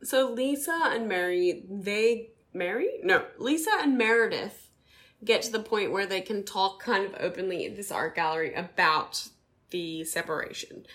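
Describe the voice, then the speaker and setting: A woman's voice: medium pitch, moderate pace. Casual swearing woman podcast co-host. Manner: swears freely, animated impressions. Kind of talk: casual recap chat.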